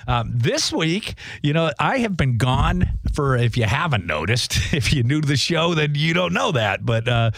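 A man's voice: fairly high pitch, sing-song, moderate pace, vocal fry, hardly any pauses, fairly bright tone, no echo. A man hosting a talk show, speaking in a folksy, rambling way with lots of fillers and restarts. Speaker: radio show host. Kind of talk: casual talk show monologue.

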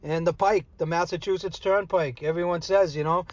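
A man's voice: high voice, fairly even intonation, moderate pace, a little mellow, no room sound, muffled recording. A man with a Boston accent giving a rambling, folksy monologue as a show's regular contributor, full of "you know" and "uh". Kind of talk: casual chatty monologue.

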